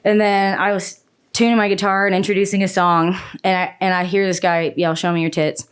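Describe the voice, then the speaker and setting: A young Canadian woman, a country singer, talking as a guest on a podcast with blunt, profane, animated storytelling. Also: medium pitch, fairly quick, clean tone. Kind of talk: casual podcast chat.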